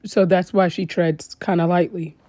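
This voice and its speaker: A woman giving casual commentary to her viewers, animated and exclaiming as she talks straight to them. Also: fairly low pitch, moderate pace, dry recording. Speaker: commentary vlogger.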